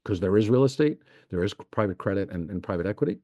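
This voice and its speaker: A man's voice: on the low side, expressive, quick pace, mellow, no echo, highs cut off. A middle-aged man, an investment executive talking as a podcast guest, explaining eagerly and piling up examples. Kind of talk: podcast interview.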